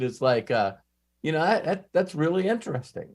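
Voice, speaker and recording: A man coaching a live mastermind group, telling animated stories and acting out quoted dialogue. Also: a little high, fairly quick.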